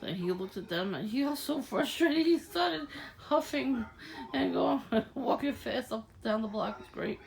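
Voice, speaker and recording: A woman's voice: fairly high pitch, animated, unhurried, gravelly, darkish tone, poor audio. A woman talking casually to camera, laughing often as she rambles through a story. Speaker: vlogger. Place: outdoors at night.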